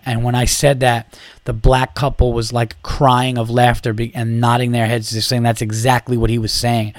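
A man's voice: mid-range voice, level tone, a little fast, dry recording. A man, a comedian and podcast host, telling a story casually with profanity and plenty of "like" and false starts. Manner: profane, rambling, lots of "like" and restarts.

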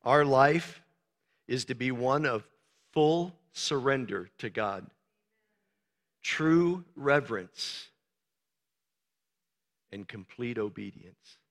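A man preaching a sermon as pastor, swinging from soft, low talk to loud, emphatic shouting. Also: takes it slowly, pauses often. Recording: long reverb of a large hall.

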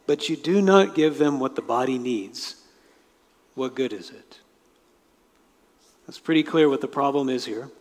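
In a church sanctuary, a man preaches as pastor, conversational in manner and explaining with asides. His voice is fairly high and darkish, at a moderate pace with frequent pauses, and the recording carries the long reverb of a large hall.

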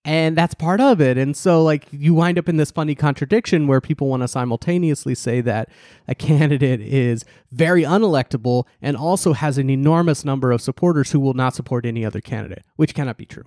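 A man co-hosting a casual political podcast, ironic and animated, restarting sentences and mocking the people he quotes. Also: fairly quick, no room sound, studio quality. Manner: animated, ironic, restarts and leaps in pitch for emphasis. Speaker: podcast co-host.

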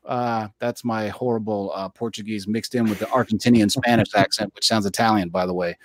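A man co-hosting a casual chat, talking in an animated way with lots of fillers. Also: fairly low pitch, no room sound, clean studio sound. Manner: animated, talks fast with frequent fillers. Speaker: co-host. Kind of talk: casual comic book collecting chat.

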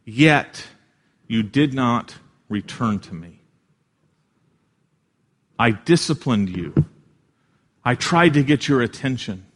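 A man preaching a sermon in an earnest way, swelling louder for emphasis and dropping soft at key lines. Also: mid-range voice. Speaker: pastor.

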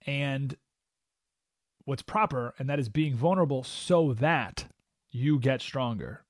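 A man's voice: mid-range voice, slow pace, dry recording, clean studio sound. A male radio talk show host delivering an emphatic, preachy opinion monologue. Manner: animated, emphatic, preachy with acted-out quotes.

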